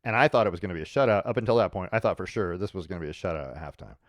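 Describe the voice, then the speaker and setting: A man's voice: deep voice, expressive, racing, dry recording. Rambling man talking sports, dry sound. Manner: rambling, with frequent restarts and laughs. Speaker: sports podcast host. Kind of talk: casual sports chat.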